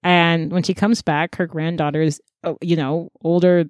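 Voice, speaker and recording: A woman's voice: on the low side, level tone, normal speed, no room sound, clean studio sound. Playful woman retelling a story. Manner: retells a story with playful put-on voices, laughs often. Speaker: podcast co-host. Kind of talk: casual chat.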